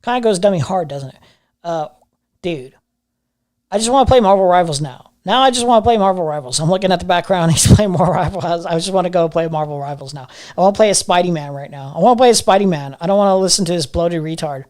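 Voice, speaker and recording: Sarcastic live-stream commentator, mid pitch. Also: expressive, fast, a little mellow. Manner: sarcastic, mocking asides, repeats phrases. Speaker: streamer reacting to a video.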